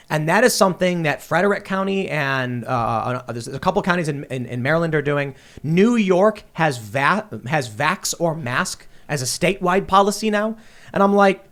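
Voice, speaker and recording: Ranting, animated male podcast co-host. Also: a little high, a little fast. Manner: animated, ranting storyteller who acts out exchanges. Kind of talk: heated political panel talk. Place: podcast studio.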